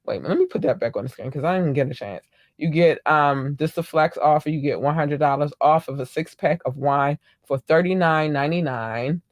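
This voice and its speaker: Excitable woman podcast host, dry close mic. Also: low-pitched, a little fast, no echo. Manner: gushing, excitable, squeals in delight. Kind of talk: casual solo podcast chat.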